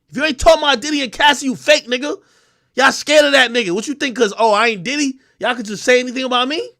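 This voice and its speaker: High, bright-voiced man ranting hard. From Jamaica. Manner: profane, aggressive, confrontational, often shouting. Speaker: host. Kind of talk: ranting livestream commentary.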